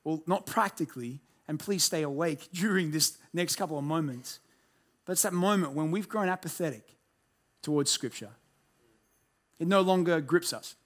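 A high-pitched man preaches a sermon. He tells stories with lively humor and an animated delivery. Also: moderate pace. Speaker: pastor.

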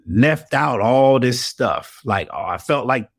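Man, guest storyteller, animated, voices quoted people, dry close sound. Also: mid-range voice, takes it slowly, husky, dry recording. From Atlanta, US South. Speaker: investigative reporter, guest. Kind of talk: storytelling in a podcast interview.

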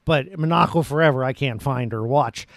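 A man's voice: medium pitch, normal speed, no room sound, clean studio sound. A man hosting a podcast, reviewing a movie in a casual, rambling, self-mocking way. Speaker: podcast host.

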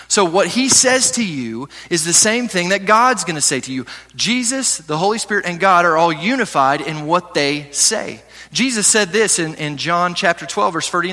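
A man preaching a sermon as pastor, reading scripture slowly and asking his listeners questions. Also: sits high. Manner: animated preaching, reads scripture slowly, asks the audience questions.

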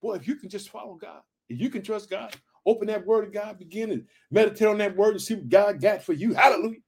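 A man reading scripture aloud and breaking off into fervent, exclamatory preaching, swinging between loud bursts and soft asides. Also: sits high, quick pace, breathy edge. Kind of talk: Bible reading with fervent commentary.

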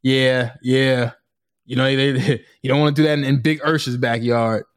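A man's voice: medium pitch, flat delivery, moderate pace, clear, resonant tone. A man co-hosting a podcast in casual chat, earnest and rambling. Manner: earnest, rambling, with many fillers. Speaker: podcast co-host.

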